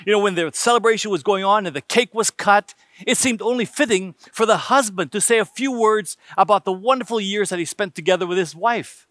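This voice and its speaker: A man's voice: high-pitched, fairly quick, fairly bright tone, no echo, clean studio sound. A man preaching a sermon emphatically, using rhetorical questions and numbered points.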